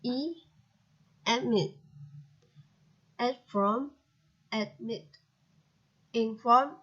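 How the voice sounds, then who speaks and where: A young woman student with an Indonesian accent, reading a grammar lesson aloud in a halting way and spelling out letters. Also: a little high, fairly bright tone, muffled recording. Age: young adult. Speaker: student presenter.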